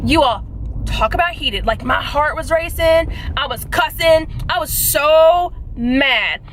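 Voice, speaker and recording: A young woman with a high, bright voice tells her story straight to a phone camera, animated and indignant, her pitch jumping as she acts out each exchange. A faint hiss of background noise sits under the recording. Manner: animated, indignant retelling with quick bursts. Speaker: vlogger. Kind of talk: casual vlog storytelling.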